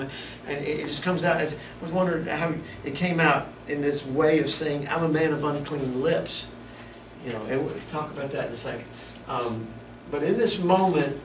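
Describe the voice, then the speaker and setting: A man's voice: on the high side, recorded from a distance. A man teaching a Bible study in a conversational way, often stopping and restarting his sentences. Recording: echoey room, mic from afar, background noise.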